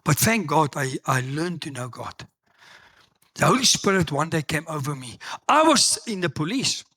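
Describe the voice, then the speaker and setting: A middle-aged South African man preaching a sermon, telling personal stories and acting out the dialogue with loud exclamations. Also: on the high side, moderate pace, breathy edge. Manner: animated storytelling, acts out dialogue, exclaims loudly. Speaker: pastor.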